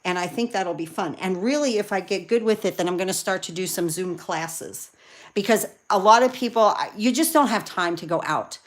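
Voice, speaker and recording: A woman chatting excitedly with viewers while she demonstrates card making live from her craft room. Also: mid-range voice, moderate pace. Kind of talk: live crafting demo chat.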